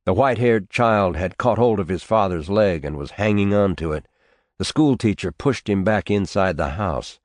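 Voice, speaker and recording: Deep-voiced man reading an audiobook. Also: no echo, clean studio sound. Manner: steady, measured reading. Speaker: audiobook reader. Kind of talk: scripted narration.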